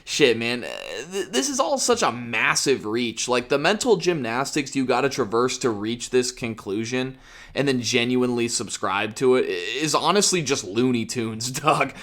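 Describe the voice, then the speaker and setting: A man's voice: mid-range voice, lively intonation, normal speed, a bit bright. A young man giving a ranting commentary, sarcastic and profane, mocking his target with short laughs. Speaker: commentary YouTuber.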